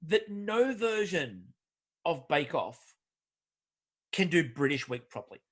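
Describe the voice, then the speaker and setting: A man's voice: on the high side, very animated, takes it slowly, a bit bright. A man hosting a podcast in a casual chat, with a wry, theatrical, swearing delivery. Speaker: podcast host.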